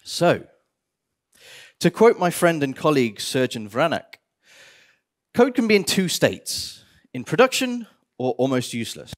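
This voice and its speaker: Animated man giving a tech talk. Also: on the high side, a little slow, pauses often. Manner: animated, theatrical outbursts of mock despair. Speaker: conference speaker. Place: conference hall stage.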